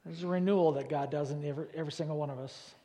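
A pastor preaching to his congregation, his voice sitting a little higher than most men's. He presses his points with repeated words and climbs to loud, emphatic peaks. The long reverb of a large church hall trails after every phrase. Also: steady tone, rapid-fire. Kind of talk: sermon. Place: church sanctuary.

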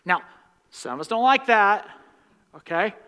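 A man's voice: high-pitched, expressive, measured pace, pushed and bright, clean tone. A male pastor preaching a sermon in a church sanctuary, emphatic and repeating key lines for stress. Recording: long reverb of a large hall.

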